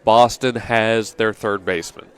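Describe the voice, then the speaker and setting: A man hosting a live sports talk show from a restaurant, talking casually and quickly. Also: fairly low pitch, steady tone, clean tone, faint music behind.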